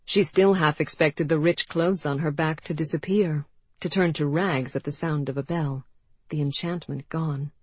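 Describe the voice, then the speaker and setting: An audiobook narrator reading a period novel in a measured, expressive way. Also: mid-range voice, breathy edge, no room sound. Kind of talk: scripted narration.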